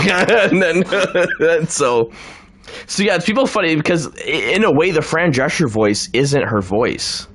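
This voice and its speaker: Laughing often and drifting into impressions, a Canadian man rambles through casual chatter while streaming a video game. His voice is fairly high, animated, and a bit bright, and he takes his time.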